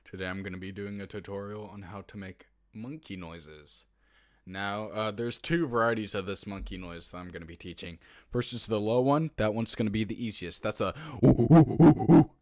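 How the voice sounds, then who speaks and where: With a fairly low voice at normal speed, a man explains a silly online tutorial, casually rambling and groping for words amid many fillers. He keeps breaking into laughter and loud hoots. The recording is dry with clean studio sound.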